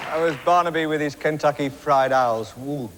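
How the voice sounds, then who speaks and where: A man's voice: fairly high pitch, normal speed, in a large hall, over a noisy crowd, very noisy. A man hosting a talent show, introducing the acts with jaunty, wry patter. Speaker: show host.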